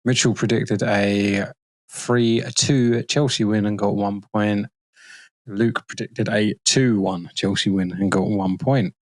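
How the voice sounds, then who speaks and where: A man hosting a football podcast, reading out prediction scores in a brisk, teasing way. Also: fairly low pitch, steady tone, no echo. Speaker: podcast host running the segment. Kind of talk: casual football chat.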